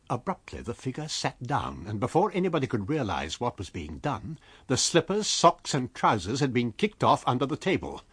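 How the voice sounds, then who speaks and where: A male audiobook narrator reads in an expressive, storytelling way, and his pitch rises and falls a lot. His voice has a slightly husky edge. The reading sounds close and dry, with no room around it. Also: normal speed, no room sound. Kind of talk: scripted narration.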